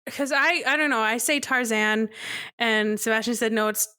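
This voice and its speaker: Bright giggly young woman chatting on a podcast, high-ish voice, dry close sound. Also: normal speed, clear, resonant tone, dry recording. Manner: giggly, laughs often mid-story. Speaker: podcast co-host. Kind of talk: casual sibling chat.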